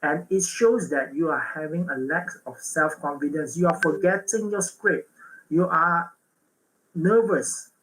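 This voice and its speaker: A man presenting a public speaking workshop, pausing on fillers, correcting himself and checking in with "right?". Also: on the high side, fairly bright tone, slight background noise, poor audio. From Malaysia.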